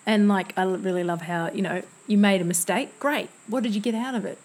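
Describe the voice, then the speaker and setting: A woman's voice: medium pitch, brisk, darkish tone. Woman, 40s, podcast co-host, casual reflective chat, easy laugh.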